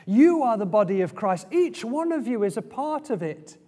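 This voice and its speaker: High-voiced man preaching in a reverberant church. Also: big pitch swings, moderate pace, dark tone. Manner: conversational preaching with asides and restarts. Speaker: pastor. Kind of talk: sermon. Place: church hall. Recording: church hall with long reverb.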